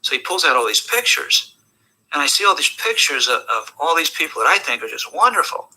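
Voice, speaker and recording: An older man from the United States, answering interview questions as an animated, joking storyteller who drops now and then to a hushed tone. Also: fairly high pitch, brisk, slightly rough, rough recording. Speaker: interview guest. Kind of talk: conversational storytelling.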